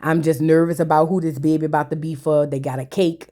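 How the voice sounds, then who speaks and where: A woman doing a nervous young man who drops his voice low and soft, mumbling his apologies in a hesitant, sheepish way. He sounds unsure of himself and keeps his words subdued. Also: little pitch movement, fast talker, close to an everyday voice.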